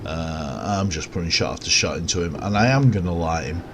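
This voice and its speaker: A man giving casual, rambling commentary over a recorded game, with relaxed, self-mocking asides. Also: sits low, a little fast, noisy background. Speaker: gameplay commentator.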